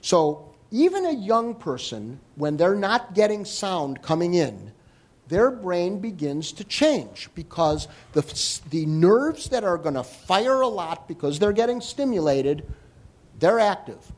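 A man giving a live talk to an audience on hearing and listening, explaining in an animated way with joking asides. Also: high-pitched, slow. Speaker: hearing health lecturer.

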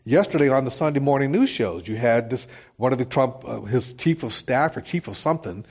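A man speaking as a journalist on a live panel, animated, his voice rising when he makes a point. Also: mid-range voice, brisk. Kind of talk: panel discussion.

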